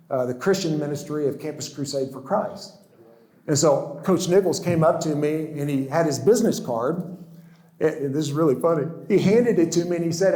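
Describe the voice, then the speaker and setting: A man in his sixties gives a personal testimony talk as a guest speaker, stammering into restarts and chuckling as he tells his story. His voice sits on the high side and is a little mellow, with a roomy echo.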